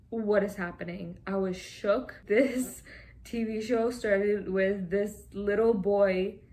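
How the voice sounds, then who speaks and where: A woman's voice: mid-range voice, darkish tone. A young woman from Canada chatting casually and giggling as she reads fan tweets aloud. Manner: chatty and giggly, often laughing. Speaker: vlogger.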